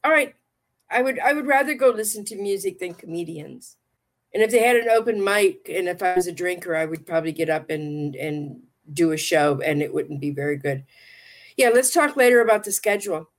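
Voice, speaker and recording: A woman hosts a casual livestream chat while reading tarot cards, rambling affectionately and often repeating herself. Her voice is lowish, with lively intonation, and she talks fairly quickly.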